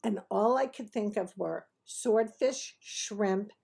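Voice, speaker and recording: A woman telling a funny personal story in a chatty, animated way, often laughing as she talks. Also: mid-range voice, takes it slowly, creaky, husky. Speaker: host of a restaurant review TV show. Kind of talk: casual anecdotal storytelling.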